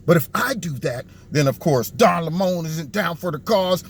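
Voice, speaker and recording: A man delivers sarcastic commentary on a clip, talking straight to his viewers. His voice sits a little high, with a faint hiss behind it. He keeps mocking the people in the clip and sometimes drops into a low put-on voice to act out what they must be thinking. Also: animated, moderate pace. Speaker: political commentary vlogger.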